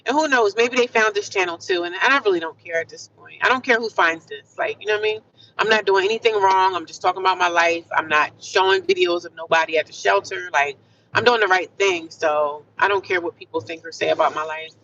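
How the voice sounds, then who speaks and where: A woman's voice: lowish voice, fairly quick, fairly bright tone, far from the mic, highs cut off, slight background noise. A middle-aged woman chatting casually while driving, upbeat and full of affirmations, calling her viewers "honey" and "child.". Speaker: vlogger livestreaming from her car. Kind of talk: casual chat.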